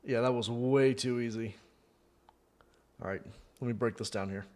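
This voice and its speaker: A man talking through a live match for fellow fans, rambling easily with plenty of fillers. He muses about players, then erupts into loud, disbelieving shouts when goals go in. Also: medium pitch, fairly even intonation, normal speed. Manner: chatty, rambling, thinks aloud with fillers. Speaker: fan host of a live watchalong. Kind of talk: casual live match reaction.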